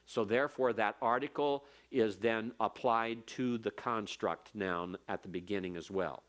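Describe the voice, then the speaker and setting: A man's voice: fairly low pitch, a little slow, a bit bright. A man teaching Hebrew grammar in a classroom lecture, explaining patiently step by step and repeating key points.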